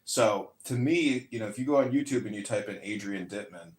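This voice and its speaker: A man's voice: lowish voice, fairly quick, roomy sound. A man talking boastfully and at length in a casual audio chat room. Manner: boastful, rambling.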